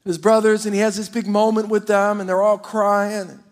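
A man preaching a sermon as the pastor, talking straight to his congregation in an animated, lively way. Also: high voice, moderate pace. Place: large church auditorium. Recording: long hall reverb.

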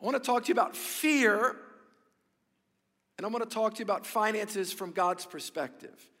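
A man preaching a sermon to his church, energetic and joking, often repeating words as he restarts a thought. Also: high-pitched, normal speed. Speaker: pastor. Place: large church auditorium. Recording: long hall reverb.

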